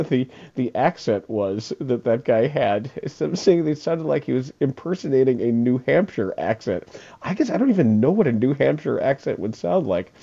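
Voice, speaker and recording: A man's voice: medium pitch, warm tone, muffled recording. A man hosting a casual sports talk radio show, rambling and repeating words as he laughs his way through listener texts.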